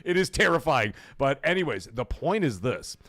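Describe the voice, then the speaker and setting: A middle-aged man from Canada hosting a live gaming stream, telling stories in a rambling way, cursing freely and getting loud when he is excited. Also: medium pitch, normal speed, no echo. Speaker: livestream host. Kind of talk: casual live-stream chat.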